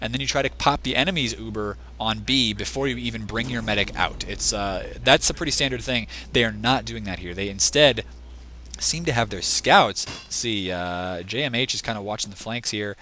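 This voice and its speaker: A man casting a team shooter match on his own, his voice bright and edged but worn from a long event. He rambles and thinks aloud as the plays unfold, with a faint hiss of room noise behind him. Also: lowish voice, moderate pace. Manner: rambling, restless, thinks aloud, chides the camera. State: losing his voice. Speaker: esports shoutcaster. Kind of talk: live game commentary.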